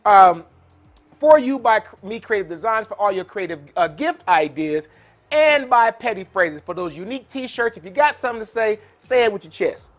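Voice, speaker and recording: A man's voice: high-pitched, lively intonation, moderate pace, highs cut off. A man hosting a live cooking demonstration in a kitchen, talking casually and folksily to his viewers. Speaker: cooking show host. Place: kitchen with induction burner.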